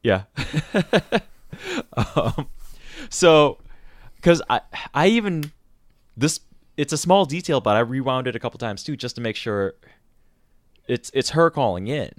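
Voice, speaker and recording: A man co-hosting a casual podcast, talking in a rambling, halting way and now and then dropping into a quick character impression. His voice sits at an ordinary middle pitch. It is recorded close and dry, with no room sound. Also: expressive, no echo. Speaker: podcast co-host. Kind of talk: casual chat.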